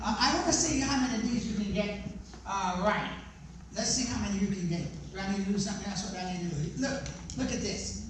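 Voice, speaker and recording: A man giving a lively presentation to an audience, joking and questioning the listeners as he talks. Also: high-pitched, quick pace, background noise. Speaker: speaker on deaf ministry. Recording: echoey hall, voice from far off.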